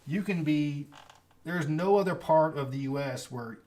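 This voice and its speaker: A man's voice: on the high side, a little slow, a little mellow. A man from California with a Californian accent, hosting a casual livestream and answering viewer questions in a rambling, chatty way with small laughs. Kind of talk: casual live-stream chat.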